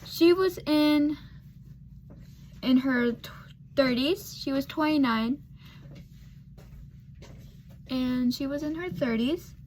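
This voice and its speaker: A woman's voice: high voice, slow pace, pauses often, darkish tone, a little hiss or hum. A woman vlogger telling a casual storytime while doing her makeup, rambling and losing her thread with lots of fillers.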